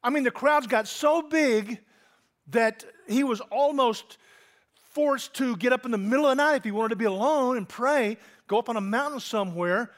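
A man with a notably high voice delivers a sermon in a relaxed, conversational way. He is a middle-aged pastor who keeps turning to his listeners with direct questions. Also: moderate pace. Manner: conversational, asks the congregation questions.

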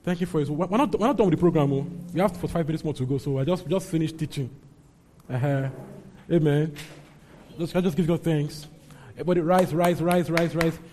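Pastor guy preaching, kinda high mellow voice, keeps asking "okay?". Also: fairly quick. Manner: emphatic, keeps checking in with the congregation. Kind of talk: sermon teaching and prayer.

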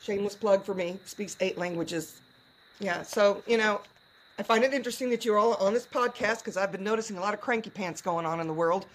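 Gushy woman podcast host, casual and playful, swears a bit, mid pitched voice. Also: brisk, slight background noise. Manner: hams up a put-on Southern drawl at times. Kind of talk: casual chat.

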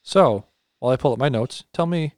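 A man's voice: medium pitch, darkish tone, dry recording, clean studio sound. A man co-hosting a podcast, chatting playfully about a movie and egging on his partner. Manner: playful, quick affirmations and laughs. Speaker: podcast co-host. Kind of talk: casual movie chat.

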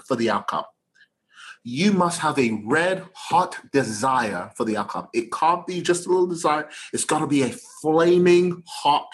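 A middle-aged man giving an emphatic, repetitive motivational talk to students, speaking as a motivational speaker. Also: mid-range voice.

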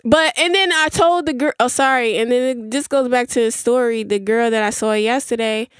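A woman's voice: on the high side, normal speed, smooth, dry recording, clean studio sound. A young woman hosting a podcast, telling a rambling story in casual chat with many fillers and asides. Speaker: podcast host.

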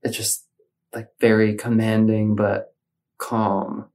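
A man's voice: lowish voice, slow. A man from Michigan telling a personal story in casual conversation, acting out his own thoughts in changing voices. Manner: animated, acts out his own inner voices. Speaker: guest.

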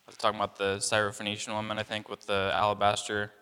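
A young man delivers a relaxed, talky sermon with a lowish voice. He leans on fillers and slips into other people's voices as he goes. The sound carries a long reverb from the room. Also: quick pace, clear, resonant tone. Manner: conversational, many fillers, acts out voices of people in the story. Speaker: preacher. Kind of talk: casual sermon.

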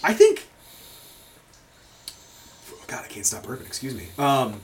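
A man's voice: medium pitch, big pitch swings, a little slow. A man hosting a podcast, chatting casually and rambling through stories with frequent swearing and laughter. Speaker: podcast host. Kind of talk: casual chat.

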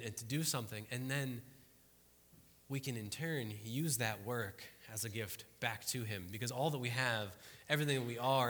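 A man's voice: medium pitch, a bit bright. A man preaching a conversational sermon to a congregation, often checking in with the room and acting out quoted voices. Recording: long hall reverb.

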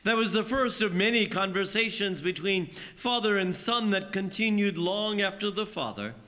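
A man's voice: animated, normal speed, bright, forceful tone. A man preaching a homily as a priest, telling stories and acting out voices. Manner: storytelling, acting out voices with big swings in pitch. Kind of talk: sermon. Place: church. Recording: long church reverb.

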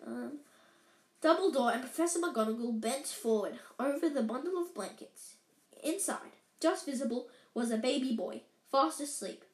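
A woman's voice: high voice, animated, normal speed. A woman reading a storybook aloud in an unpolished way, often stumbling and correcting herself. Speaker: reader. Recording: echoey room.

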